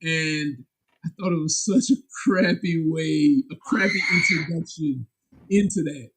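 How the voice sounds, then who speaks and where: A man, a comic book publisher and guest, chatting casually in an animated, candid, slangy way. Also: a little slow, heavy background noise. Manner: animated and emphatic, sharp jumps in pitch. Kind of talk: casual chat.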